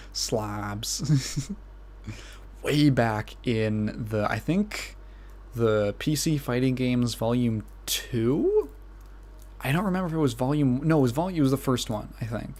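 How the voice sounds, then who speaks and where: Man, Midwestern American accent, young adult, solo podcast host, casual rambling, frequent chuckles, mid-range pitch. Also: very animated, takes it slowly, darkish tone. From Illinois. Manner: rambling, self-amused, laughs often.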